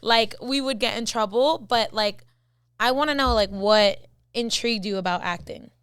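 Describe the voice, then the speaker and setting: A woman's voice: on the high side, moderate pace, fairly bright tone, smooth, no echo. A woman co-hosting a podcast, chatting casually and swearing a lot. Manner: chatty, profane. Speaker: podcast co-host. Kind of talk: casual chat.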